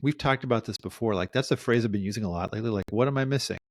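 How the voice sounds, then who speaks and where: A man's voice: on the low side, racing. A man, a therapist co-hosting a podcast, talking things through in a reflective way and acting out quoted lines. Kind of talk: casual podcast discussion.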